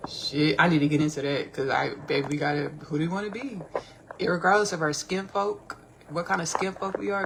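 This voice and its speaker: A woman hosting a casual livestream, talking in an animated, rambling, slangy way and repeating herself often. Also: deep voice, fairly quick, gravelly, background noise. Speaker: podcast host.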